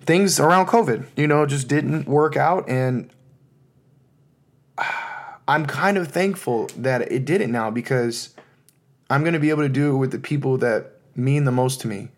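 American man, 30s, solo podcast host, middle-pitched, loose and heartfelt delivery. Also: unhurried. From United States. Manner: heartfelt, loose and rambling, with many fillers. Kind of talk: casual solo podcast monologue.

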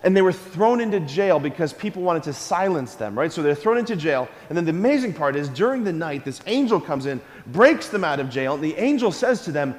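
Priest, male, high pitched, energetic homily with call-and-response, long church reverb. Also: a little fast, hardly any pauses. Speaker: Catholic priest. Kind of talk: homily at a school mass.

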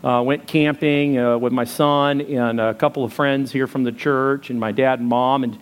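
A man's voice: medium pitch, fairly even intonation, moderate pace, clear, resonant tone. A male pastor opening a church service in a chatty, joking, self-deprecating way, telling stories to the congregation. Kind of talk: sermon opening with casual storytelling.

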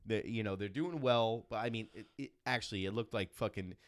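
A man's voice: on the low side, brisk, no room sound, clean studio sound. A man hosting a casual podcast chat, laughing often and telling loose, profane stories. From from an Irish family. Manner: laughs often, swears, tells loose anecdotes. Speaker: podcast host.

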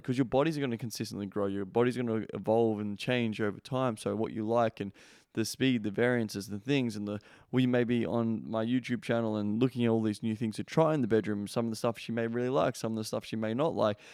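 A man's voice: on the low side, darkish tone, no echo, studio quality. A young adult man hosting a podcast, giving casual advice in a blunt, profane way with lots of fillers. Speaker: podcast host.

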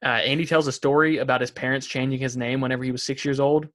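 A man's voice: medium pitch, fairly even intonation, quick pace, very noisy. A man co-hosts a laid-back podcast, chatting about a show with his co-host. He reads out favorite lines in a casual, amused way and laughs as he goes. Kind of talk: casual chat.

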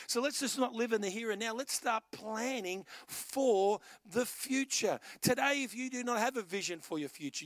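Australian male pastor, middle-aged, high-pitched, dry close sound, chatty storytelling sermon. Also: dry recording. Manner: storytelling, conversational, punchy short phrases.

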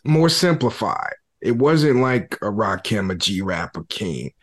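A man hosting a podcast, laying out his theories in a thoughtful, relaxed conversational way. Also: fairly low pitch, slow. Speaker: podcast host. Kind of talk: casual conversation about hip-hop.

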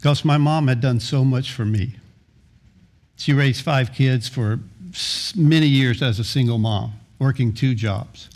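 A man's voice: mid-range voice, unhurried, a little mellow. A middle-aged man preaching a sermon as pastor, earnest, often repeating words and restarting phrases, sometimes half-singing lines of a hymn.

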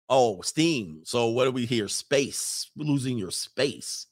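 A man's voice: medium pitch, animated, measured pace, hardly any pauses. A middle-aged man, a streamer and coach, chatting loosely and laughing as he reads viewer comments. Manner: loose, laughing, slangy storytelling. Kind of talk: casual livestream chat reading comments.

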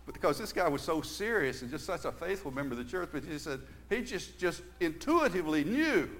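An older man preaching a sermon, earnest, moving between emphatic stresses and quiet, hushed stretches. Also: a little high. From Southern United States.

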